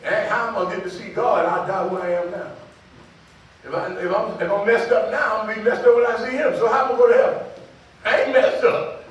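An older man preaching a sermon as pastor, in a folksy call-and-response way that breaks into shouts. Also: high voice, steady tone, fast talker. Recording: echoey hall from far off.

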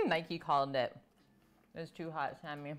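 A woman's voice: deep voice, wildly swooping pitch, measured pace. A woman hosting a live cooking stream, chatting casually and reading out viewer comments as she tastes food at home. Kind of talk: casual chat while eating.

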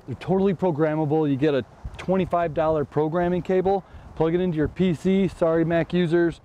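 A jokey, chatty man talks through a bike build in a loose vlog manner. His voice sits a bit high but sounds mellow and dark. Faint street noise from outdoors hangs behind him. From Chicago. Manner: joking, chatty, playful asides. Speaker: e-bike builder and channel host. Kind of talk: casual product walkthrough vlog.

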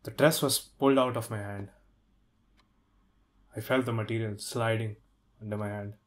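A young man acting a shaken man in a student stage drama, telling his story in a tense, halting way. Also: lowish voice, fairly even intonation, lightly acted. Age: young adult.

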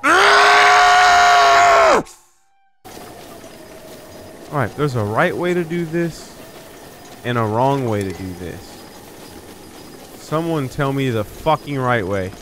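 A man's voice: medium pitch, animated, unhurried, long pauses, over music. A man giving let's play commentary as he plays, exasperated, swearing often and muttering to himself. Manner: pleads and repeats words under his breath. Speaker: gaming channel host.

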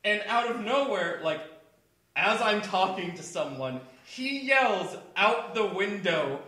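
A young man from the Kansas City area, a podcast host telling a profane, animated story in casual chat. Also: high voice, slow. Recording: echoey room with crowd noise.

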